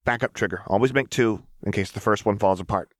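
A man's voice: lowish voice, a little fast, dry recording, studio quality, natural voice. A man voicing a manic, gleeful young woman who mocks and teases. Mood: subdued. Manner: playful, mocking.

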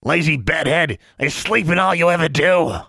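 A man's voice: on the high side, moderate pace, creaky, pushed and bright, no echo, clean studio sound, pitched above the performer's own voice, full character voice. A man voicing a rude, foul-mouthed female magical creature who snaps insults. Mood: snapping. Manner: snapping, insulting.

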